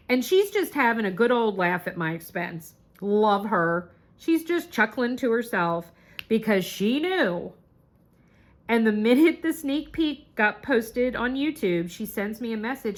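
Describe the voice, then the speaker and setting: A woman chatting casually to her viewers about crafting kits, bubbly and gushing, squealing whenever she gets excited. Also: medium pitch, a little slow. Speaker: crafting vlogger.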